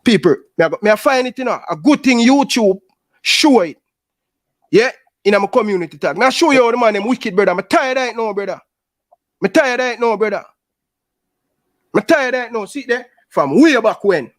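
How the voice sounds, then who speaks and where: A man's voice: very high-pitched, expressive, normal speed, pauses often, dry recording. A man with a Jamaican accent hosting a YouTube show, venting in heated casual chat and saying "brother" again and again. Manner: aggrieved, repeats "brother" often.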